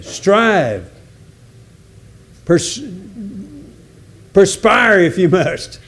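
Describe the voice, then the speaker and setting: A man delivering a sermon with a folksy, emphatic delivery. His voice sits a little high for a man, with a mellow, dark-edged tone. He leans on repeated words to drive each point home. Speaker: visiting preacher.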